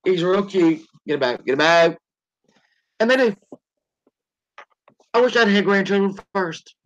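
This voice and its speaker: A woman's voice: mid-range voice, animated, a little slow, lo-fi sound. A woman in her forties hosting a livestream in casual chat, joking and swearing freely as she rambles. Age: 40s. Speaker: livestream host.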